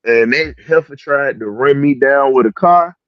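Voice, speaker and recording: A man's voice: medium pitch, moderate pace, dry recording, dull audio. A man telling a story in casual chat, laid-back and matter-of-fact.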